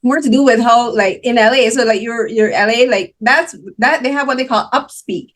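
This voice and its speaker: A woman's voice: fairly high pitch, normal speed. A woman from Barbados with a Bajan accent, hosting an interview in a chatty, rambling way, full of likes and restarts. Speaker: interview host. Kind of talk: casual interview conversation.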